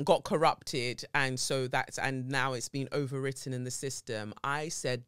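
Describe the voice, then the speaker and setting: A woman hosting a solo podcast, chatting in an animated, cheeky and profane way, with big jumps in pitch. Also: measured pace, hardly any pauses, smooth, no echo, studio quality. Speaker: podcast host. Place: podcast recording setup with a camera.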